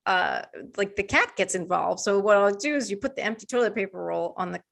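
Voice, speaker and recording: A woman's voice: mid-range voice, brisk, vocal fry, a bit bright. A woman guest in a casual chat, talking with lots of fillers and frequent laughs.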